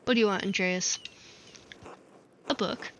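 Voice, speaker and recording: Streamer, woman, bright clear voice, reads all game dialogue herself with offhand asides. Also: medium pitch, a little hiss or hum, low-quality recording. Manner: reads every character's lines in her own voice, with quick asides. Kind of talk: let's play, reading game dialogue aloud.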